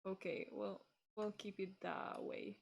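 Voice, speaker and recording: A woman's voice: medium pitch, steady tone, takes it slowly, gravelly. A woman VTuber hosting a casual stream, bubbly and scattered, laughing often while fiddling with her stream setup.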